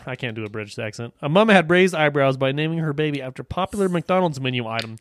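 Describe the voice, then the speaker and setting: A man's voice: fairly high pitch, expressive, brisk, dry recording. A man co-hosting a casual comedy podcast, crude and joking, reading a news story aloud with mocking asides. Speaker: podcast co-host.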